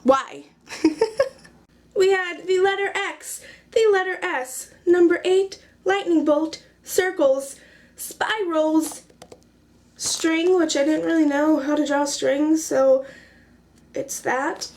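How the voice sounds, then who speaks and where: Speaking slowly in an extremely high voice, a young woman who vlogs about craft journaling chats casually through her pages. Her jokes are self-deprecating and dryly sarcastic.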